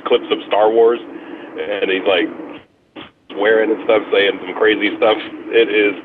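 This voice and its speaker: A man's voice: fairly low pitch, fairly even intonation, unhurried. A man co-hosting a podcast, chatting casually in a jokey way and laughing often. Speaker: podcast co-host. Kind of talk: casual chat. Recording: tinny phone-like line with hiss.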